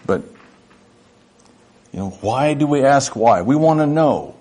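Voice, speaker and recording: A man's voice: mid-range voice, lively intonation, unhurried, mellow. An older man preaching a sermon to his church, folksy and reflective, sometimes acting out little dialogues. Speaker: pastor.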